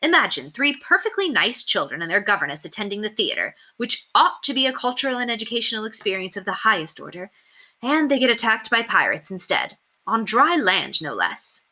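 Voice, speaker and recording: A woman teacher reading a chapter book aloud with expressive storytelling. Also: mid-range voice, a little fast.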